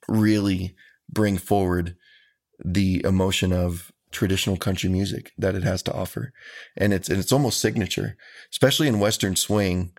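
Country singer, low steady gravelly voice, earnest and folksy. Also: male voice. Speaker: country musician. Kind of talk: interview answers.

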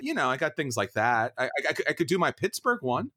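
A man's voice: mid-range voice, fairly quick, hardly any pauses. A man co-hosting a podcast in casual, joking chat. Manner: joking, animated. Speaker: podcast co-host.

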